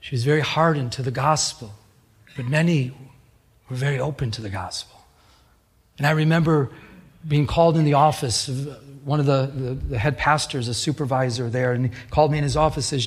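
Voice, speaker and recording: A man's voice: a little high, steady tone, fairly quick, breathy edge. A middle-aged man preaching a radio sermon, telling personal stories in a conversational way. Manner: conversational storytelling preacher, acts out quoted voices. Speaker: pastor.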